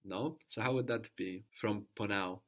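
A man's voice: on the low side, measured pace, fairly bright tone. A man teaching a language lesson, patiently prompting his student and repeating the answers.

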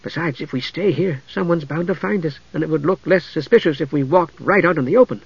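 A man voicing a nervous, wary young woman who speaks softly with a tremble, on a dull lo-fi recording. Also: fairly high pitch, brisk, gravelly, slightly rough, no echo, voice pushed up. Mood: wry. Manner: soft-spoken, hushed, tremulous. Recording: dull lo-fi audio.

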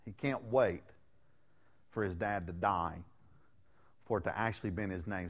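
A man's voice: sits low, normal speed, pauses often. A middle-aged man preaching a sermon in a conversational way, joking and putting rhetorical questions to the congregation. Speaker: guest preacher.

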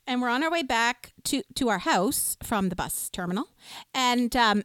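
A woman's voice: on the high side, expressive, normal speed, a bit bright, smooth, dry recording. A woman chatting casually on a live show, telling a family story with lots of laughter.

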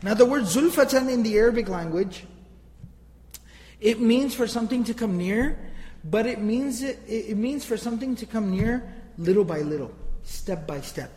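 A man's voice: high voice, animated, normal speed, mellow, big-room sound, poor audio. A man teaching Quranic grammar, emphatic and asking rhetorical questions, often repeating himself. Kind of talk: explaining Quranic grammar to listeners.

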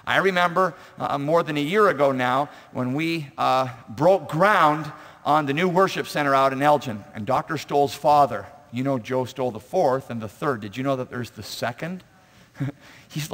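A man's voice: mid-range voice, gravelly, fairly bright tone. A man preaching a sermon as pastor in a church sanctuary, emphatic and repetitive, telling stories to the congregation. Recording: long reverb of a large hall.

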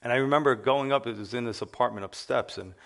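A middle-aged male pastor gives a sermon as an animated testimony. He tells his story with energy and acts out the voices of the people in it, speaking at an ordinary mid pitch for a man. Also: fast, creaky.

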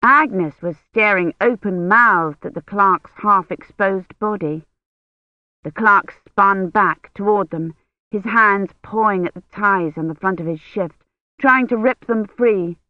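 An audiobook narrator reading a novel in an even, measured way. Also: mid-range voice, dry recording. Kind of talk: scripted narration. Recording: dull dry lo-fi audio.

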